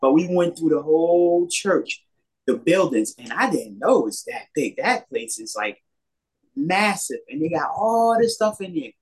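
A man's voice: on the high side, very animated, measured pace, breathy edge. A man casually recounting a personal faith story, rambling and repeating himself as he retells what people said. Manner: rambling, repetitive retelling with many quoted exchanges. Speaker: storyteller sharing a faith testimony. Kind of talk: casual spoken testimony.

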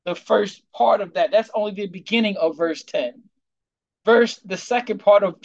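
A pastor welcoming a congregation and opening a sermon, drawn-out and exhorting, streamed on a video call. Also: medium pitch, no room sound. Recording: dry, dull lo-fi sound.

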